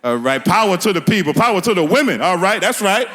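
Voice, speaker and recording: A man's voice: high voice, very animated, fast talker, bright, forceful tone, slight background noise. A man from doing a stand-up comedy set on a small theater stage, laughing at his own jokes and talking in loose street slang.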